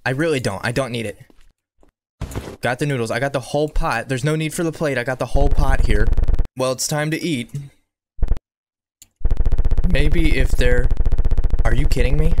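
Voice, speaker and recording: A man giving excitable horror game playthrough commentary, talking back to the game and repeating himself. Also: medium pitch, fairly quick. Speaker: gaming video creator. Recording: noticeable background noise.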